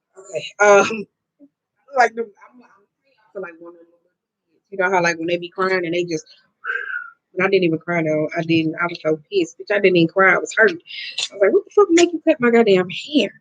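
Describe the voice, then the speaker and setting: A woman reads oracle cards for her viewers in a casual, outspoken way, swearing freely and addressing them directly. Her voice sits fairly low for a woman, and the sound is dry and close, with little room around it. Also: normal speed, long pauses, no echo, lo-fi sound. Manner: blunt, profane and expressive, talking straight to viewers. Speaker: oracle card reader. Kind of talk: casual card reading vlog.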